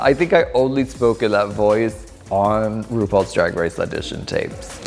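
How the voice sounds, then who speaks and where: A man's voice: medium pitch, lively intonation, measured pace, hardly any pauses. A man in his thirties, a drag performer casually reacting to his old footage, chatty and amused. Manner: chatty, amused, lots of filler "like". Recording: long room reverb with faint music.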